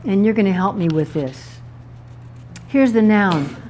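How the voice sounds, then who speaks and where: A woman's voice: mid-range voice, animated, a little slow, warm tone, slight background noise. A woman author giving a talk to a live audience about words, playful and laughing at her own wordplay.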